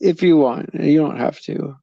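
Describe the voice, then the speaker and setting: A man's voice: on the high side, measured pace, creaky, mellow, no room sound, dull audio. A man hosting a live stream, chatting loosely with viewers in a rambling way and chuckling often. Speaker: livestream host.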